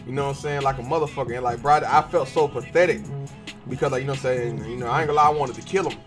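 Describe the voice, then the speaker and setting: A young man hosting a podcast, telling profane and animated stories in a casual monologue while he draws. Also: mid-range voice, racing, over music. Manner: profane, animated storytelling with slangy cussing. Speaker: podcast host.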